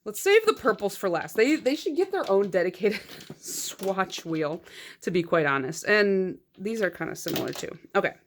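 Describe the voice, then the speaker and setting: A woman's voice: medium pitch, lively intonation, normal speed, a little hiss or hum. Chatty, self-mocking woman vlogger. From United States. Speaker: nail polish vlogger. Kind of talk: casual chat.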